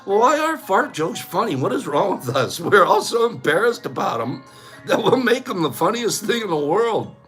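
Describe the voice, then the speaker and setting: A man's voice: sits high, sing-song, moderate pace, fairly bright tone, faint music behind. A man hosting a casual livestream, talking loosely and breaking into giggles often. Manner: giggly, keeps breaking into laughter. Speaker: livestream host.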